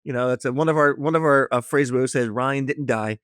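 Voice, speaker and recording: An American man sits close to a dry, dead microphone and tells his story with real relish. His voice is mid-pitched, and he keeps jumping up and down in tone to act out each person in the tale. He laughs easily as he goes. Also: quick pace, dry recording. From United States. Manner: lively storyteller acting out dialogue, laughs often. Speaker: guest, social engineer. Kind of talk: animated storytelling in a podcast interview.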